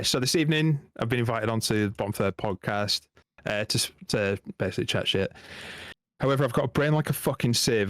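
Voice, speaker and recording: A man's voice: on the low side, a bit bright, smooth, no echo, clean studio sound. A man, a podcast guest, telling sweary, self-mocking army stories in casual chat.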